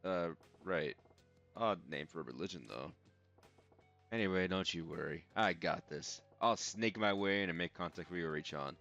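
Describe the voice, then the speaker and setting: Brief: man voicing gruff laid-back tough guy, low voice, faint game music, lo-fi. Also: moderate pace, a bit bright. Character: gruff tough middle-aged man, blunt and streetwise. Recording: dull lo-fi audio with game music.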